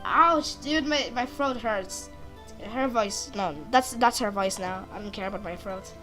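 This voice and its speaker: A woman's voice: mid-range voice, measured pace, bright, forceful tone, soft background music. A woman making casual, goofy asides while voice acting a game. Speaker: game voice actor and player.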